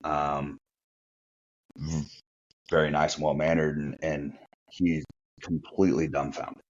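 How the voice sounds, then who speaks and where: A man's voice: rumbling low, little pitch movement, slow pace. A middle-aged man, a retired Marine officer, telling an anecdote in a chatty way on a podcast. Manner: chatty anecdotal delivery with fillers. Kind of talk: casual storytelling. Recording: muffled lo-fi audio.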